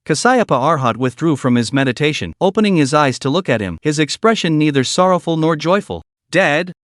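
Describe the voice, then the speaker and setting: Lively male recap narrator. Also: a little high, brisk, no echo, studio quality. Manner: dramatic storytelling. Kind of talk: scripted narration.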